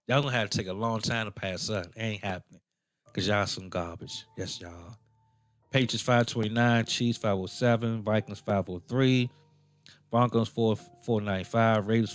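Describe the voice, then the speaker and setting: Casting: low-pitched male sports radio host, loose and rambling, faint music under the voice. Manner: rambling and playful, with many fillers and self-corrections. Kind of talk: casual sports talk.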